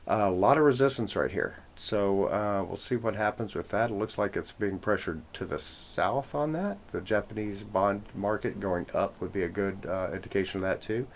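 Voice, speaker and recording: Gravelly low-voiced man rambling over charts. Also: moderate pace, few pauses. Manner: rambling, self-correcting, joking asides. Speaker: forex trading channel host. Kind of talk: casual screen-share chart walkthrough.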